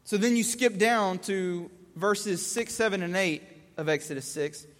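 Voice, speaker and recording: Man, high voice, casual Bible teaching, rhetorical questions, long hall reverb. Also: unhurried, a bit bright. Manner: casual, asks rhetorical questions, restates points in plain words.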